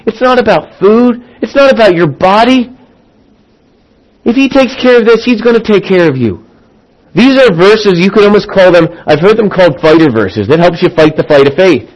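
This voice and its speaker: A middle-aged man preaching a sermon as a pastor, acting out quoted voices and swinging from loud emphasis to hushed asides. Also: a little high, low-quality recording.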